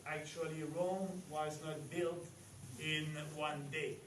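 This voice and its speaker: A man with a French accent and French as his first language, giving a halting rally speech as a party leader with many pauses and emphatic rises. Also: fairly high pitch, flat delivery. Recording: echoey hall, distant mic, faint noise.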